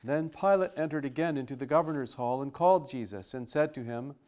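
A man reading scripture aloud in a steady, formal style with archaic wording. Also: mid-range voice, fairly quick, few pauses.

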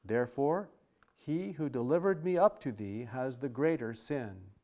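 A man reading the part of a calm, solemn prisoner, in measured archaic wording. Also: mid-range voice, lightly acted. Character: calm, solemn prisoner speaking of his kingdom.

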